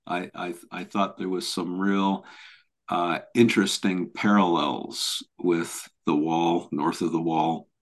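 A man's voice: deep voice, flat delivery, slow. A man who is a professor of spine biomechanics, speaking as a podcast guest and telling stories earnestly, often repeating words as he restarts. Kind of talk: conversational storytelling.

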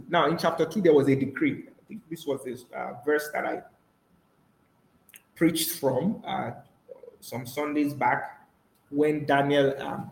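A man's voice: medium pitch, vocal fry, echoey room, low-quality recording. A man preaching a sermon as pastor, telling stories with energy and acting out the voices of people he quotes. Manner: animated storytelling, acts out quoted voices. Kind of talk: sermon over a voice call.

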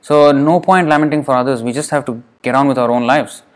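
A man's voice: mid-range voice, fairly quick. A man giving a sermon that retells a scripture story in a conversational way. He uses many fillers and his voice rises when he quotes the characters. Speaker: spiritual teacher.

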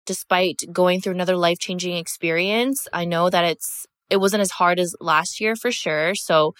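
A young woman podcast host talking straight into a close microphone, candid and emphatic, full of fillers and the odd curse. Her voice sits a little low for a woman. The sound is dry, with no room around it. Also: steady tone, moderate pace, a bit bright, dry recording. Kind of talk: casual storytelling monologue.

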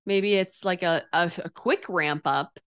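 A woman host with a low-leaning, smooth, resonant voice, speaking in a reflective, conversational way. She talks through her own experience calmly with her guest. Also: unhurried. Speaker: podcast host. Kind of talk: casual interview chat.

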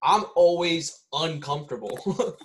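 A man's voice: fairly high pitch, slow, poor audio. A man explaining ideas in a casual podcast chat, rambling and circling back with lots of fillers. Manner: rambling, repeats himself, many fillers like "like" and "right?".

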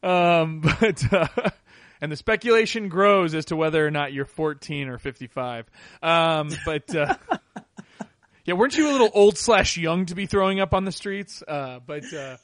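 A man's voice: a little high, lively intonation, fairly bright tone, dry recording, studio quality. An American man co-hosting a podcast, chatting casually with playful jokes. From United States. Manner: joking, playful, quick asides. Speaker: podcast co-host. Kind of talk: casual chat.

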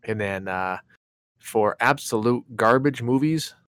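A man's voice: mid-range voice, unhurried, clear, resonant tone, no room sound, clean studio sound. A man co-hosting a casual podcast, talking loosely, swearing freely and acting out lines from movies. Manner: animated, swears freely, acts out quotes. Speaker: podcast co-host. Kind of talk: casual chat.

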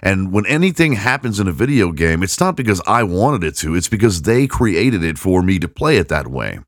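A man's voice: sits low, very animated, normal speed, dry recording, clean studio sound. A middle-aged man hosting a podcast, rambling through a funny story and laughing at himself. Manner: rambling, self-mocking, laughing at his own story. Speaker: podcast host. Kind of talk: casual storytelling monologue.

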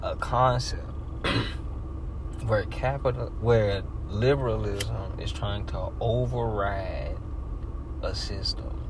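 A man in casual chat, talking in slang, rambling and shifting between low mumbles and loud bursts. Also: fairly even intonation, slow, pauses often, noisy background.

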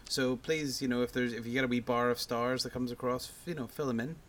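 A man's voice: mid-range voice, steady tone, brisk, fairly bright tone. Podcast guy rambling along, lots of um and like, faint noise behind. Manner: rambling, hesitant, many fillers and restarts. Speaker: podcast co-host. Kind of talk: casual chat.

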